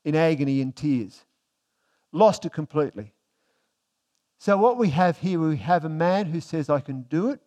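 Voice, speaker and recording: A man preaching a conversational sermon, reading scripture slowly and softly between plain explanations. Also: a little high, lively intonation.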